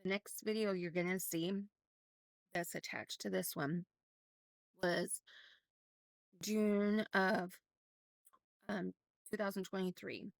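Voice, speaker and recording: A woman's voice: mid-range voice, gravelly, dry recording. Candid woman telling her own story. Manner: candid, rambling, with many restarts. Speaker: vlogger. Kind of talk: personal storytelling vlog.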